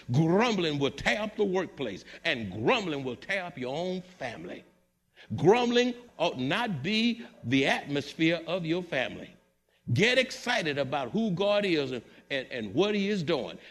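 Lively high-pitched preaching man. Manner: preaching with rising fervor and repetition. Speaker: pastor. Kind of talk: sermon. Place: church sanctuary.

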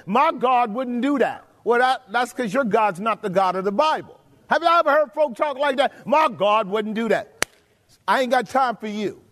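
A man preaching a sermon, emphatic and full of rhetorical questions to his congregation, drawing out key phrases slowly. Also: very high voice. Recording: long hall reverb.

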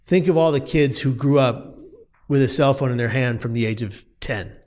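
A man's voice: mid-range voice, normal speed, darkish tone. A man speaking as an interview guest, telling a personal story earnestly and with emphasis, often restarting his words.

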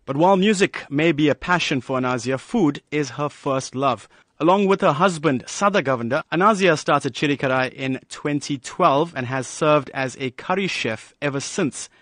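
A man's voice: on the high side, moderate pace, a bit bright, no echo. A male news reporter narrating a light feature in a polished, upbeat way.

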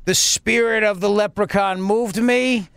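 A radio host mocking a smug, boastful middle-aged male governor, in a slow, self-satisfied voice. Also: high voice, steady tone, creaky, fairly bright tone, smooth, no room sound, exaggerated voice.

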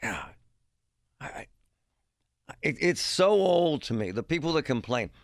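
A man's voice: medium pitch, very animated, unhurried, no room sound, clean studio sound. A man hosting a talk radio show, delivering a blunt, heated monologue. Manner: blunt, heated, emphatic ranting.

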